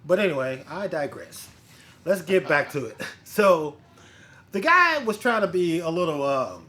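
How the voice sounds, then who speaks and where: Blunt, profane male storyteller. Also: fairly high pitch. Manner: blunt, profane, animated retelling with quoted dialogue. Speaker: bounty hunter and podcast host. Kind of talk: casual storytelling chat.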